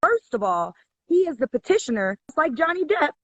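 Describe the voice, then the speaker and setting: A woman's voice: high-pitched, sing-song, a little fast, no echo. A woman guest in a casual chat, telling a story in a heated, profane, emphatic way over a live video call. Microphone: live online video call. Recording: dry, dull lo-fi stream audio.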